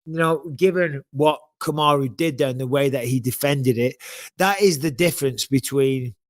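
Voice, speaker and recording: A man's voice: medium pitch, moderate pace, no echo, studio quality. A man, chatting casually as a podcast co-host, full of swearing and banter. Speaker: podcast co-host, former fighter. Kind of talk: casual chat.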